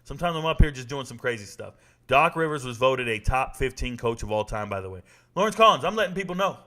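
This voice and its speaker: A man's voice: mid-range voice, animated, fast, pushed and bright. A man in his forties hosting a casual live sports talk show, reading viewer comments and telling stories in a blunt, joking, slangy manner.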